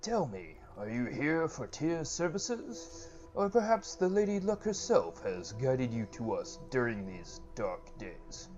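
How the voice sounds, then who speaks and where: A man's voice: medium pitch, big pitch swings, slow, voice pushed up. A man doing a formal gracious temple priest. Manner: archaic formal storytelling delivery. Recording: lo-fi with game music behind.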